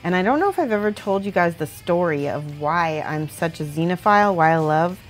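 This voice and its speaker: A woman's voice: on the low side, lively intonation, fairly quick, soft background music. A woman chatting casually and rambling with frequent giggles while she paints miniatures for her viewers. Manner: chatty, rambling, giggly, soft when concentrating.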